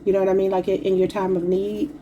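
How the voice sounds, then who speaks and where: A woman's voice: mid-range voice, monotone, quick pace, lo-fi sound, noisy background. A woman giving a casual tarot reading, talking informally to her viewers and calling them y'all. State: slightly sick and emotional. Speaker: tarot reader.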